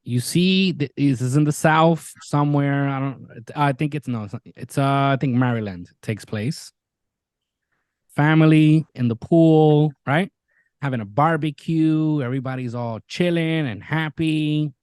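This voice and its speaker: A man co-hosting a podcast animatedly retells a TV show in casual chat, swearing freely and doing quoted voices for the scenes. His voice is a little high and smooth, a little slow, with no echo.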